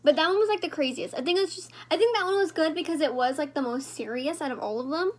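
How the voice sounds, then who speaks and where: A woman's voice: high voice, fast talker. A woman vlogger chatting casually and rambling to her viewers while she does her makeup. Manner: rambling, talks to viewers directly.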